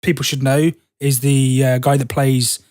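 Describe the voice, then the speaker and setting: A man's voice: mid-range voice, flat delivery, normal speed, darkish tone, no echo, clean studio sound. A man, co-hosting a casual podcast chat, rambling and restarting mid-phrase as he tells trivia. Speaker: podcast co-host.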